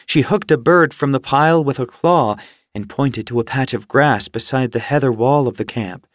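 A man narrating an audiobook in a measured, even storytelling voice, recorded in a studio booth. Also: mid-range voice, no echo. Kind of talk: scripted narration. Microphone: studio mic.

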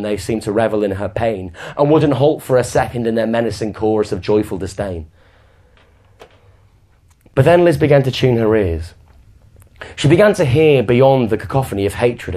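A man's voice: mid-range voice, darkish tone. Theatrical male comic poet narrating. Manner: theatrical storytelling, drawn-out repetitions. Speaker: comedian and performance poet. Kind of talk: live comic narrative poetry. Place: live show venue.

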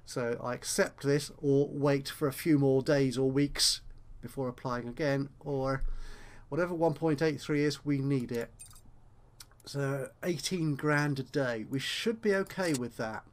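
A man's voice: mid-range voice, measured pace. A man casually commenting on a management game he is playing, rambling and correcting himself with wry asides. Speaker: let's play host.

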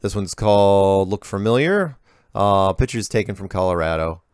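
A man's voice: lively intonation, normal speed, darkish tone, dry recording, studio quality. A man from the US Pacific Northwest reading viewer emails in a casual solo Q&A, offhand and prone to drifting into asides and self-corrections. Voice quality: low gravelly voice.

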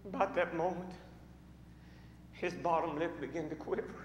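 A male pastor telling a story in a sermon, dramatic and swinging between hushed and loud, recorded in a church sanctuary. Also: fairly high pitch, steady tone, moderate pace. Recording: echoey church hall with faint noise.

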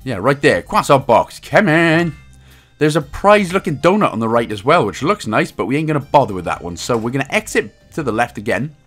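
A man narrating a game walkthrough, joking around and slipping into silly high voices. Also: very animated, fast talker, few pauses, fairly bright tone. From Wales. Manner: bursts into silly high-pitched voices and laughs at own jokes. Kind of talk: jokey game walkthrough commentary. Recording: faint game music underneath.

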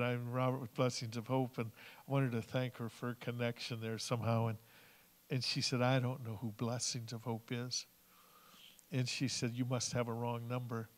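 A man sharing stories in a church service in an earnest way, retelling phone calls and what people said to him. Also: mid-range voice. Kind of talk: storytelling sermon. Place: church sanctuary. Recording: long hall reverb.

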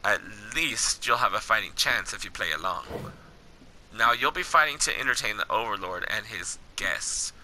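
Guy reading a polite fighter who calms you down, plain read, bright voice. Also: fairly low pitch, moderate pace, slight background noise, voice pushed down, poor audio.

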